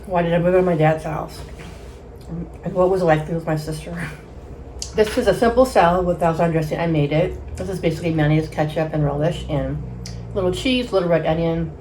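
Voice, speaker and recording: A chatty woman in her thirties talks to the camera between bites of food. Her voice sits a little low, and she laughs often. She acts out quoted lines in a louder voice. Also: a little fast, a little hiss or hum. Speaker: mukbang host. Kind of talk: casual storytelling while eating.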